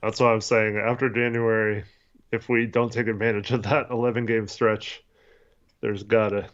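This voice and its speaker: A man's voice: fairly low pitch, level tone, normal speed, muffled recording. A man co-hosting a casual postgame chat, laid-back, mostly giving short agreeing replies. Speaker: podcast co-host.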